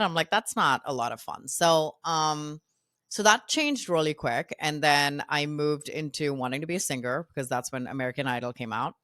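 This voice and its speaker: A woman in her thirties tells stories in a low voice and acts out what people said to her. The sound is close and dry, with no room in it. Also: moderate pace, no echo. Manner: animated, quotes herself and others in lively voices. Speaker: podcast guest, founder. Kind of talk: casual storytelling interview.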